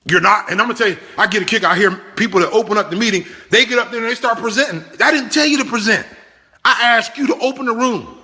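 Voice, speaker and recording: A man giving a motivational business talk, animated and pleading, repeating himself for emphasis. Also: high voice, quick pace. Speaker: business trainer.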